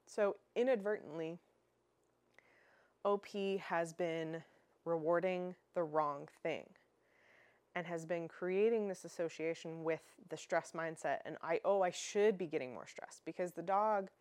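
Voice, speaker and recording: A woman's voice: lowish voice, clean tone, no echo. A young woman hosting a dog training podcast, explaining in a casual, chatty way with fillers and restarts.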